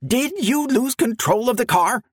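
A man narrating a story puts on an angry middle-aged leader whose high-pitched voice has gone husky, barking orders. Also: expressive, unhurried, no room sound, clean studio sound, heavily acted.

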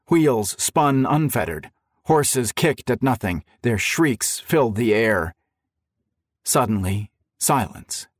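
A man's voice: mid-range voice, no echo, clean studio sound. A man narrating a historical story for an audiobook, telling it in a dramatic, vivid way.

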